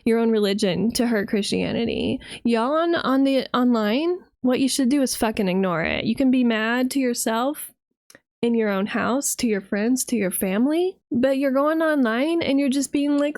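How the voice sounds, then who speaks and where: A fired-up woman from the United States, ranting as a vtuber streamer with plenty of swearing and sarcasm. Her voice sits a little high, and the sound is dry and close with no room around it. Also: normal speed, darkish tone, no room sound. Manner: heated, profane, sarcastic. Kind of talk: reaction rant.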